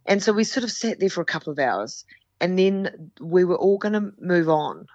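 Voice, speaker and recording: A woman's voice: fairly low pitch, expressive, normal speed, darkish tone, dry recording, muffled recording. A woman, telling a story on a podcast in a candid, self-mocking way and acting out what people said. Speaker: podcast guest. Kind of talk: casual storytelling.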